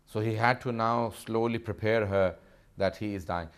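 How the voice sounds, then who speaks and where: Guy giving a sermon, gravelly voice, gets emotional telling the story. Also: on the low side, steady tone, moderate pace. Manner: impassioned, rising in grief. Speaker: preacher.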